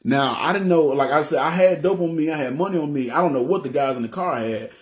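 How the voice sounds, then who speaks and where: A middle-aged man giving a casual testimony into his phone, animated and acting out the people in his story. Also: a little high, quick pace.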